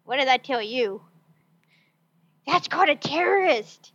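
A woman co-hosting a casual podcast chat, quick and emphatic with a sarcastic edge. Her voice is high and bright. The sound is dry but dull and lo-fi, as if it comes over an online call. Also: lively intonation, no room sound. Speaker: podcast co-host.

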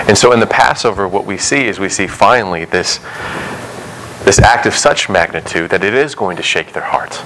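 A man's voice: fairly low pitch, moderate pace, fairly bright tone, slight background noise, poor audio. A young adult male pastor preaching a sermon in a conversational way, acting out quotes and dialogue.

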